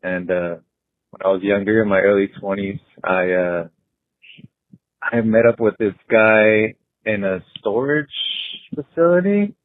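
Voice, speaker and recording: A man in his thirties leaving a hesitant voicemail confession, full of pauses and fillers. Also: fairly low pitch, no echo. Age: 30s. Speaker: caller. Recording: tinny phone line.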